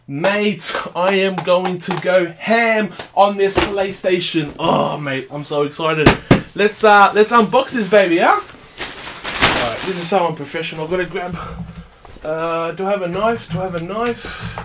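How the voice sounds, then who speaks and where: A man with a fairly high voice, unboxing a game console on camera. He talks in an unhurried way but keeps getting excited, peppering everything with "mate". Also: noisy background. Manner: excitable, says mate a lot. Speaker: gaming vlogger. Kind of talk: casual unboxing chatter.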